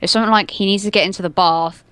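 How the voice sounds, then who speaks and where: A woman's voice: medium pitch, steady tone, racing, a bit bright, clear, resonant tone, no room sound. Giggly, rambling young woman storyteller. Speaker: podcast co-host telling a story. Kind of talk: casual chat.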